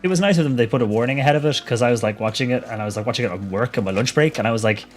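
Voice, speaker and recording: A man's voice: mid-range voice, racing. A man with a Dublin Irish accent, chatting easily with viewers while streaming a game and laughing often. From Ireland. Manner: chatty and easygoing, laughs often, answers chat messages. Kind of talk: live gameplay commentary, chatting with viewers. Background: music.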